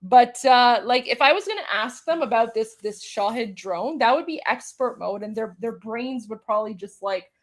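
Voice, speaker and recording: A woman's voice: a little high, lively intonation, moderate pace, few pauses. A woman hosting a livestream, commenting casually on video clips in a mocking, incredulous way with many fillers. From Iran. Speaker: livestream host.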